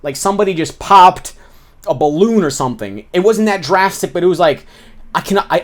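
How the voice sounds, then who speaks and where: A man casually telling stories from his time in prison, using street slang and animated retelling. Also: fairly high pitch, a little fast. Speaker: former inmate telling stories. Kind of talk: casual storytelling.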